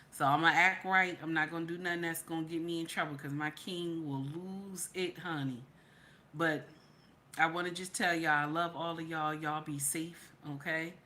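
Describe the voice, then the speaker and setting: Emphatic woman host with bright tone. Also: sits low, slight background noise. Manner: emphatic, repeats herself, preachy. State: tearful after crying. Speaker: channel host. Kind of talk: live-stream reaction vlog.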